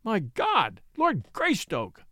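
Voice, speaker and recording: A man's voice: high-pitched, wildly swooping pitch, slow pace, sharp tone, dry recording, studio quality, full character voice. A man reading an audiobook, voicing a frightened adult thief who begs desperately for his life. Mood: pleading. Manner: pleading, desperate.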